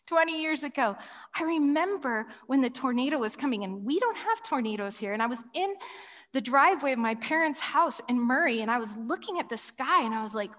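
A woman preaching a sermon as a dramatic story, moving between loud cries and hushed whispers. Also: a little high. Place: large hall with ceiling. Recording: long reverb in a large hall.

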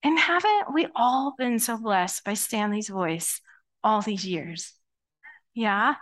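A middle-aged woman pastor preaching a sermon to her church in a lively, conversational way, acting out quoted voices as she goes. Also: mid-range voice, slow pace. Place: church sanctuary.

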